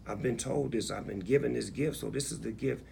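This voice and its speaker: Gravelly laid-back man in an interview. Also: medium pitch, fairly quick, warm tone, a little hiss or hum. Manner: laid-back, reflective, keeps saying "you know what I'm saying". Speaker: interviewed rapper. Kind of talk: candid interview talk.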